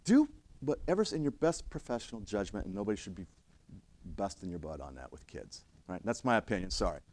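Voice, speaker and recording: Brief: middle-aged male trainer, blunt and conversational, lively pitch, dry close sound. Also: brisk, no room sound. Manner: blunt, conversational, acts out quoted voices. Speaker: trainer of emergency responders. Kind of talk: classroom lecture with stories.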